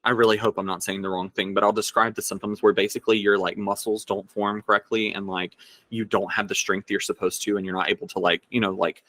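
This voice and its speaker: Young male podcast co-host, lowish voice, dry sound, chatty and rambling, filler-heavy. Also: little pitch movement, quick pace, a bit bright, no room sound. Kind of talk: casual chat.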